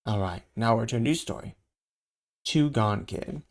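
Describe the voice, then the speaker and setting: A channel host reading a comic book aloud live, switching into character voices with quieter aside comments. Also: mid-range voice, normal speed.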